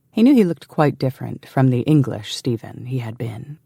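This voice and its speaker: A man narrating a historical romance audiobook in a measured, even storytelling manner. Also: medium pitch, gravelly, slightly rough, dry recording, studio quality. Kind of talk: scripted narration.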